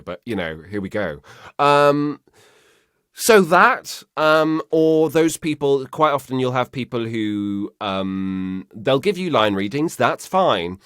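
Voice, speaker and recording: A man's voice: on the low side, no echo. A man with a British RP accent, a voice actor chatting in an interview from his home studio and acting out the people he quotes. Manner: animated, acts out quoted voices mid-sentence. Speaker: voice actor guest. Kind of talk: casual interview chat.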